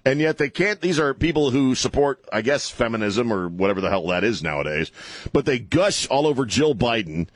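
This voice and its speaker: A man's voice: medium pitch, expressive, brisk, no echo. A man hosting an opinionated political talk show, sarcastic and mocking, rambling with many fillers.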